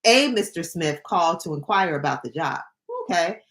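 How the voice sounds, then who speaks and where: A woman's voice: fairly low pitch, normal speed. A young woman hosting a livestream, reading dictionary entries aloud and breaking in with jokey, playful asides. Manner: animated, jokey asides between read definitions.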